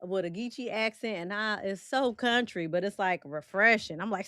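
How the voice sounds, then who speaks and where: A woman's voice: mid-range voice, moderate pace, a bit bright, no echo, studio quality. A woman with a Midwestern country accent hosting a casual livestream, chatty and playful as she reacts to viewer comments. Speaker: livestream host.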